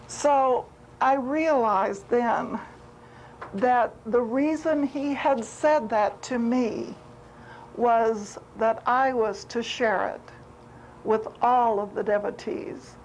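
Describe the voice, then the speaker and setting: A woman's voice: a little high, takes it slowly, a little mellow, slight background noise, rough recording. A woman telling a personal story at a spiritual retreat, heartfelt and repeating words for emphasis. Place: retreat gathering.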